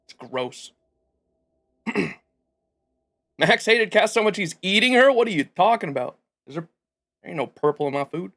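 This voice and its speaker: A man's voice: high-pitched, big pitch swings, normal speed, pauses often, fairly bright tone. A man streaming a story game, chatting casually with his viewers and reading the lore text aloud in a rambling way.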